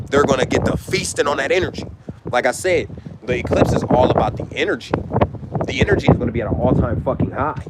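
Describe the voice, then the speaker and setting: A man's voice: medium pitch, noisy background. A man, lecturing in a profane, rambling way, full of rhetorical questions. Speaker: online commentator. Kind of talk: casual monologue to camera.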